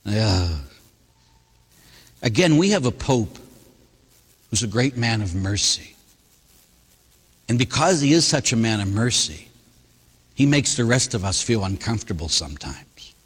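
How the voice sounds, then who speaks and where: A man, a priest, giving a sermon and telling stories in an animated way, acting out the people he quotes. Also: lowish voice, a little slow, long pauses, husky, in a large hall. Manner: animated storytelling, voicing others in quotes.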